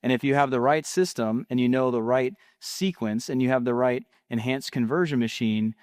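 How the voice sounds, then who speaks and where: A man talks through marketing ideas with an energetic, salesy push. He speaks conversationally, at middle pitch. The recording is close and dry, with no room sound. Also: normal speed, smooth, dry recording. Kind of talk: casual teaching talk.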